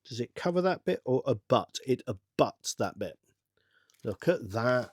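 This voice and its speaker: A man's voice: mid-range voice, a little slow, husky, dry recording. Chatty middle-aged man, dry sound. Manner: rambling, talks to himself while working, bursts of excitement. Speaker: channel host. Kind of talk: casual build-along chat.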